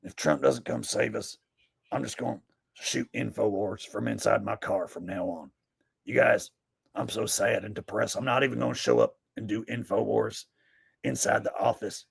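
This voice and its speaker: A man's voice: lowish voice, normal speed, gravelly, slightly rough, no echo, clean studio sound, voice pushed down, exaggerated voice. A man putting on a mocking parody of a ranting male talk host, whining sarcastically in an exaggerated voice. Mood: whiny.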